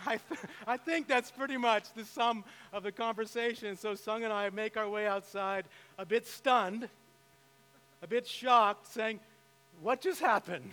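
A man's voice: high-pitched, steady tone, unhurried, sharp tone, clean tone. A middle-aged man preaching a sermon as pastor, telling a story with emphatic rises in voice. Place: church sanctuary. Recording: reverberant hall with faint mains hum.

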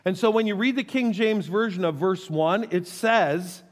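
A man's voice: high voice, normal speed, hardly any pauses. A pastor preaching to his congregation in a conversational, teasing way, stretching out words for emphasis. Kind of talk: sermon with audience questions. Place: church sanctuary. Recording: long reverb of a church hall.

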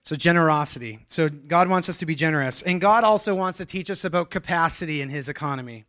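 A man with a somewhat high voice delivers a sermon in a loose, conversational manner. He restarts sentences and throws in self-deprecating asides as he preaches. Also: fast talker, a bit bright. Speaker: pastor.

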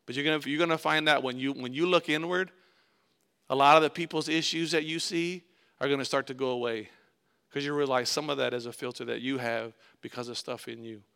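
A man's voice: medium pitch, fairly even intonation, fairly quick, gravelly, bright, forceful tone, clean tone. A male pastor preaching a sermon, telling a candid story with self-mocking humor.

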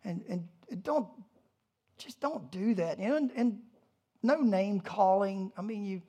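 A pastor delivers a relaxed, conversational sermon in an animated way. The talk is loose and full of humorous asides and quick restarts, and the voice sits at an ordinary middle pitch. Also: slightly rough.

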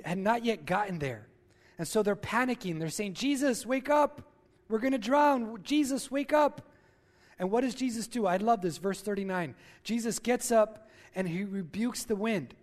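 A male pastor preaching a sermon, talking straight to his listeners and repeating key lines for emphasis. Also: sits high.

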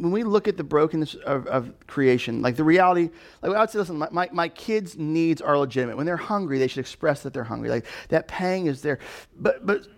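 A man in his thirties preaching a conversational sermon, animated, with many fillers and restarts. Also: high-pitched. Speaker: pastor.

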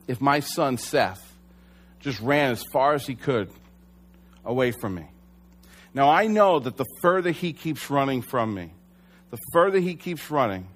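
A young adult man preaching a sermon as pastor, earnest and conversational, sometimes correcting himself. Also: mid-range voice.

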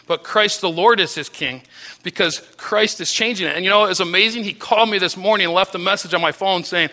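A man preaching with a very bright, ringing tone that sits high in his register. He talks earnestly with many restarts, and his voice sinks low and soft to stress key phrases. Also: fairly quick. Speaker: pastor. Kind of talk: sermon.

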